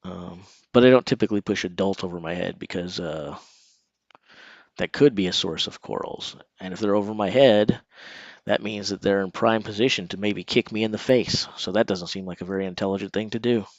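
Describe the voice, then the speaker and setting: Male stream host, low voice, chatty and direct with viewers; dry, muffled mic. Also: a little fast, no room sound. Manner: conversational, talks straight to viewers. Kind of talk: casual live stream chat.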